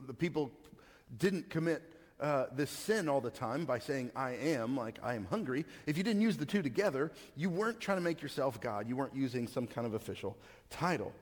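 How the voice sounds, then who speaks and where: A man from Texas, preaching a casual teaching sermon and asking the congregation questions. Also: on the high side. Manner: conversational teaching, asks the audience questions, frequent restarts. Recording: reverberant hall.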